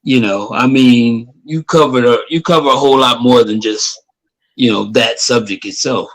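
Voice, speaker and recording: A man's voice: mid-range voice, moderate pace, rough recording. A man guesting in a casual chat, laid-back, answering briefly with fillers. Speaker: guest, former boxer.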